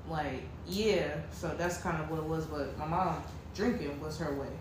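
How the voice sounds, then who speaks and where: A woman's voice: low-pitched, normal speed. Young woman, casual podcast chat, rambling storyteller, very reverberant room, noticeable background noise. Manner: rambling personal storytelling, heavy use of "like". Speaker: podcast co-host.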